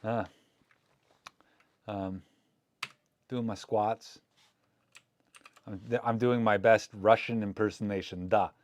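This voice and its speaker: A photography vlogger chats, jokes and thinks aloud while giving casual live commentary on his film scans. His voice sits fairly low with a steady tone, and he speaks very slowly, pausing often.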